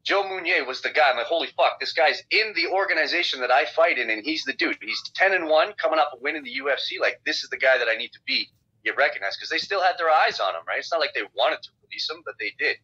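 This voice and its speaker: A man's voice: fairly high pitch, lively intonation, quick pace, sharp tone, husky. A man being interviewed as a guest fighter over a phone call, talking bluntly in a rambling way with lots of swearing. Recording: dull lo-fi phone line.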